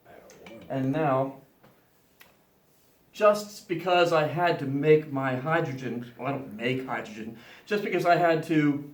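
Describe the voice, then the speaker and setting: A man's voice: medium pitch, reverberant. A man teaching a class, playfully explaining each step of a science demonstration to students.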